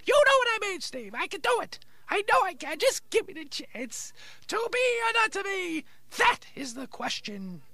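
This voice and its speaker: A man's voice: sing-song, moderate pace, sharp tone, dry recording, exaggerated voice. A man voicing a big-mouthed male wooden ventriloquist's dummy in a comedy podcast routine, whiny and theatrical. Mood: pleading. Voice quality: squeaky, gravelly.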